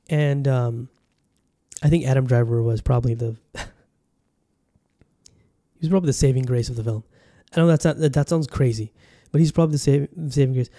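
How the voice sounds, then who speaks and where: A man's voice: medium pitch, dark tone. Rambling casual man hosting a podcast. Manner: rambling, restarts often, talks straight to listeners. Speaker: podcast host. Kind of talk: casual solo podcast chat. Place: Bangkok.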